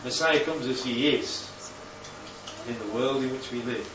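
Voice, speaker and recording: A man preaching a sermon, animated and full of rhetorical questions, his voice leaping up for emphasis. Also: medium pitch, a little slow, a little hiss or hum. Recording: roomy, distant, dull sound with faint ambience.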